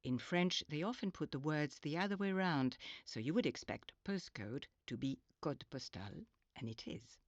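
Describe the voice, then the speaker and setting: A woman narrates a scripted language lesson, explaining each step patiently and clearly. Her voice sits low, but her pitch moves a lot. The sound is dry and dull, like an older lo-fi recording. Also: lively intonation, moderate pace, hardly any pauses, no echo. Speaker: language teacher. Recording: dull lo-fi audio.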